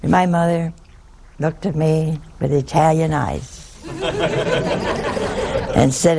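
An older woman, a nun, tells a homespun anecdote to her listeners. She talks slowly and unhurriedly, with a gravelly, creaky edge to her voice. Her manner is wry and folksy, and she chuckles often. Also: sits low, heavy background noise. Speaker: nun giving a talk. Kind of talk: humorous storytelling talk.

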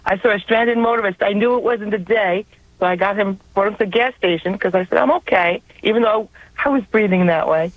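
A woman's voice: medium pitch, brisk, no echo. A woman with a New York accent calling in to a radio show, telling an earnest personal story. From Long Island, New York. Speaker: caller. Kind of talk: personal testimony on a call-in show. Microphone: telephone. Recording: tinny phone line.

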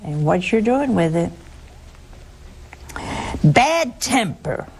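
A woman's voice: fairly low pitch, drawn-out words, a little hiss or hum, low-quality recording. An older woman giving a religious talk to listeners in a chatty storytelling manner. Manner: chatty, storytelling, lively asides. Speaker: religious speaker. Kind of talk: spoken religious talk to a broadcast audience.

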